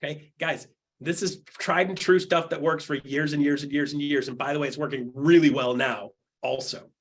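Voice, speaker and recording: A middle-aged man coaching real estate agents on a video call, animated, acting out quotes in jumpy voices. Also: normal speed, breathy edge. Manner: animated, acts out quotes with jumps in pitch. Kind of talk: energetic coaching talk.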